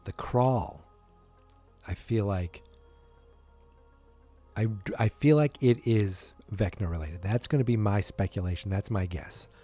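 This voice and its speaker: A man's voice: fairly low pitch, a little slow, pauses often, dark tone, slightly rough, soft background music. A man hosting a solo podcast, speculating as a fan in a rambling, earnest way with many restarts. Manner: earnest, fannish enthusiasm. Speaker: podcast host.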